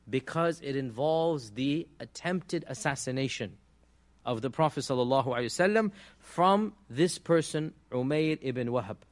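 A man teaching a religious class, explaining patiently and checking in with his listeners, often pausing on fillers. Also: mid-range voice. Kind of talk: classroom lecture.

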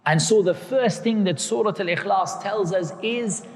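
A man's voice: high-pitched, normal speed, long reverb tail. A man giving an explanatory religious lesson, patiently repeating key terms and working Arabic terms into his English. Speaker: religious teacher.

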